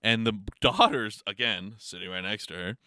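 His voice is fairly low, clear and resonant, delivered at a moderate pace in a studio recording without echo. The man rambles casually through an animated story, cursing freely, laughing, and packing his speech with "like" and "you know."

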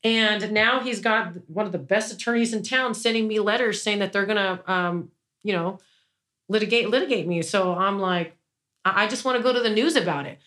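As an interview guest, a small business owner with a middle-pitched, slightly bright voice recounts a long personal story at normal speed. She rambles from point to point with frequent fillers and restarts, growing indignant as she describes being wronged, and it sounds like casual talk rather than a prepared account.

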